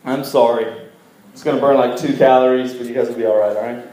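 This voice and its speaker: A man's voice: mid-range voice, fairly even intonation, fast talker, dark tone, reverberant, poor audio. A man preaching a casual, joking sermon to a congregation in a church, asking them to repeat words back to him. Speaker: pastor. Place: church service room.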